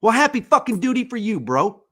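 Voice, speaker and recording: A podcast host in his forties pours out an angry, impassioned monologue, swearing often. His voice sits high for a man. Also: very animated, fairly quick, fairly bright tone. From United States. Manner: angry, profane ranting.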